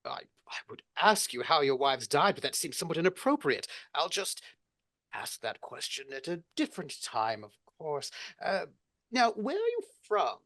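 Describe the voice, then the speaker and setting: A facilitator plays a nosy, snobbish aristocrat who fires off prying questions. The voice swings widely in pitch and stumbles with fussy hesitations. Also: sing-song, moderate pace, fairly bright tone, dry recording. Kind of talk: tabletop role-play in character.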